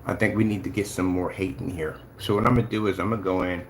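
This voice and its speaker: A man's voice: sits low, fairly even intonation, fast talker, a little hiss or hum. A man giving casual, taunting livestream commentary, full of sing-song mockery. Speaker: channel host.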